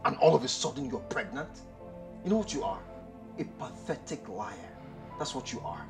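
A man plays a young boyfriend fed up with his ex, loud and scolding, his pitch leaping all over as he lays down the law. Music plays clearly underneath. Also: expressive, moderate pace. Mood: angry. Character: young man ending a relationship, blunt. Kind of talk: amateur drama acting.

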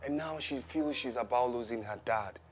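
Man acting as tired dad, gentle, pleading, mid-pitched voice, family skit. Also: moderate pace, a little hiss or hum, close to an everyday voice. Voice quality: pleading, soothing. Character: weary father torn between daughter and partner. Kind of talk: amateur family drama acting.

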